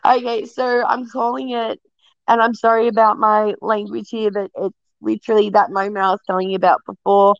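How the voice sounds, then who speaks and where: A woman's voice: medium pitch, flat delivery, normal speed, creaky, no echo, highs cut off. A woman with an Australian accent, a guest in a casual interview, talking bluntly, swearing freely and laughing often.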